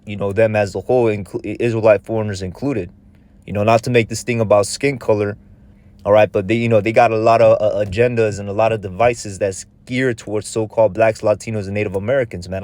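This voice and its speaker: A man's voice: on the low side, darkish tone. A man giving a casual, conversational scripture lesson in a loose, repetitive way of talking. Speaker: religious teacher.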